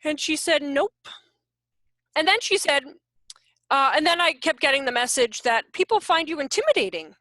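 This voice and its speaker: Bright, high, lively woman in her forties. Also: brisk, no echo, studio quality. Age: 40s. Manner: animated, self-deprecating, jokey. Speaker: behavior consultant. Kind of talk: online workshop talk. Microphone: video call.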